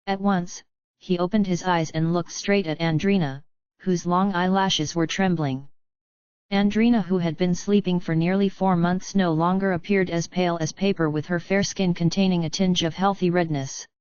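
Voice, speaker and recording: Low, smooth female audiobook narrator. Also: steady tone, normal speed, darkish tone, no room sound. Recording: dull, lo-fi, dry.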